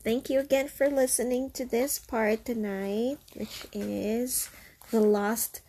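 A woman chatting gently with a child, asking encouraging questions after a reading. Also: a little high, fairly even intonation, slow pace, slight background noise. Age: adult. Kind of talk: casual chat.

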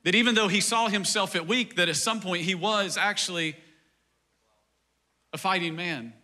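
A man's voice: high-pitched, moderate pace, bright, forceful tone. A man pastor preaching a sermon in a conversational style, acting out quoted dialogue and building to a fervent climax. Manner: frequent "like" fillers.

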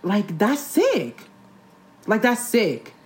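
A young woman in casual chat, blunt and animated, talking in slang with many "like"s. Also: mid-range voice, very slow.

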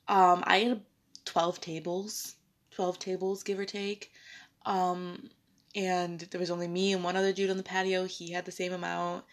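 A woman's voice: on the low side, a little slow. A young woman telling a personal work story in casual conversation, acting out the dialogue she quotes. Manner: animated, acts out quoted dialogue.

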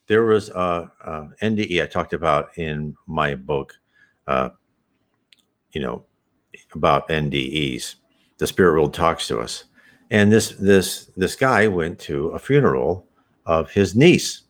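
A man giving a conversational teaching talk on spiritism, earnest and explanatory, with animated emphasis. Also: very deep voice, unhurried. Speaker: spiritism presenter.

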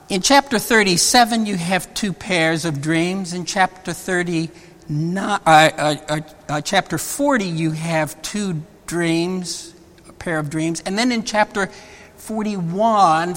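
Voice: medium pitch, a bit bright. A preacher giving a sermon, often repeating words and restarting phrases. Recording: long hall reverb.

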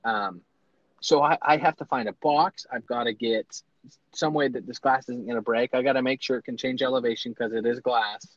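A man, a small business owner, telling his story in casual, animated talk with lots of fillers and restarts. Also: medium pitch, moderate pace, no room sound. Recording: dry, slightly dull lo-fi sound.

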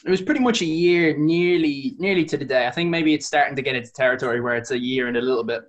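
A man who is a guest on a podcast, telling a long story in a rambling way. He is animated, corrects himself often and says "like" a lot. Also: medium pitch, fast talker, highs cut off. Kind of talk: casual storytelling.

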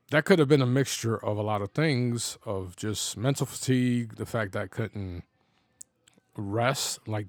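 A man's voice: medium pitch, dry recording. A man of fifty telling personal stories in a casual, rambling way, laughing often and restarting his sentences. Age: 50s. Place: home.

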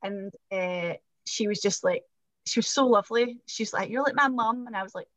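A middle-aged Scottish woman chatting as a podcast guest, telling animated stories with acted quotes and swearing. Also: medium pitch, normal speed, dry recording. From Scotland. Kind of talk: casual chat.

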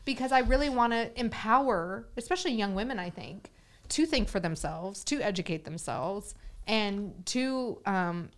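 A woman from Oklahoma speaks at a middling pitch as a podcast guest. She talks earnestly and eagerly, with quick little laughs between her points. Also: lively intonation. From Oklahoma, USA. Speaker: podcast guest, political commentator. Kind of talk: casual chat.

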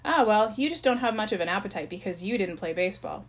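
An upbeat young camp counselor who talks brightly and bosses the boys around, as a woman reading a storybook puts him on. His cheer sounds a bit forced, but he keeps it up. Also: medium pitch, lively intonation, fast talker. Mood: cheery.

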